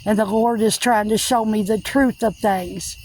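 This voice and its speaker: A woman's voice: medium pitch, steady tone, a little slow, darkish tone, low-quality recording. Earnest woman telling a faith testimony. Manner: earnest, repetitive retelling with many "I said" tags. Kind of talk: personal spiritual testimony storytelling.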